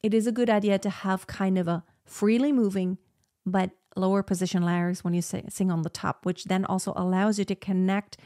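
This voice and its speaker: A woman's voice: mid-range voice, fairly even intonation, a little fast, mellow, no room sound, studio quality. A young adult woman vocal coach reacting in casual, enthusiastic commentary, now and then singing short demonstrations.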